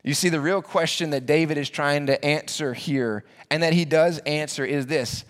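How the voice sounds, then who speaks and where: Male pastor, earnest sermon delivery with emphatic repetition, slightly higher pitch. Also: moderate pace, few pauses.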